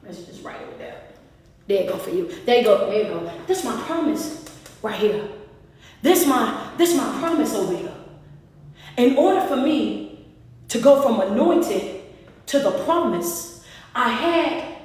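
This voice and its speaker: A woman's voice: on the high side, sing-song, measured pace, long pauses, darkish tone. A woman speaker preaching at a whiteboard in call-and-response style, repeating phrases rhythmically, recorded from a distance. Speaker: motivational speaker. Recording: echoey hall from far off.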